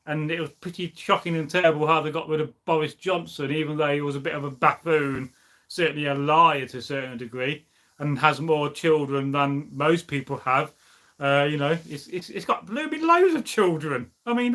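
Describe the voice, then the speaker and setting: A man chatting on a casual live stream, rambling from one thought to the next and reading viewers' comments. His voice sits a little high and has a bright, forceful edge. He sounds opinionated and loose, with plenty of ums along the way. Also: normal speed.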